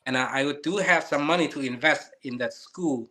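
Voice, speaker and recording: A man's voice: a little high, normal speed, bright, forceful tone. A man in his fifties whose first language is Lao, speaking earnest, slightly non-native English in a casual chat. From Thailand. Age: 50s.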